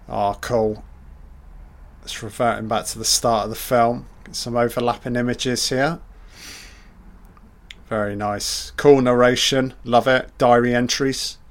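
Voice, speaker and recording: A man's voice: mid-range voice, little pitch movement, slow, long pauses. A man giving casual film commentary in short, admiring remarks, swearing often.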